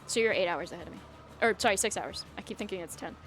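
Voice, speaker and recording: A woman's voice: medium pitch, fast, fairly bright tone, faint music behind. A young woman streaming live, chatting casually with viewers in a rambling way, full of fillers and frequent laughter. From United States.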